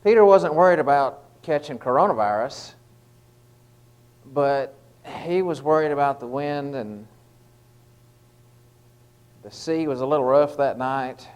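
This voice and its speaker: Guy doing a laid-back bible devotional, lots of uh's and restarts, middle-pitched voice. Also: unhurried, pauses often, darkish tone, clean tone, low-quality recording. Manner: conversational, with frequent fillers and restarts. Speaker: lay preacher giving a short devotional. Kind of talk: informal devotional talk.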